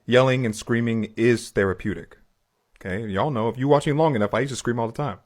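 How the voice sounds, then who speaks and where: A man's voice: medium pitch, a little fast. A man giving casual reaction commentary in an emphatic way, pressing his points to viewers. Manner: emphatic, repeating "okay?" to viewers. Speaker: reaction creator.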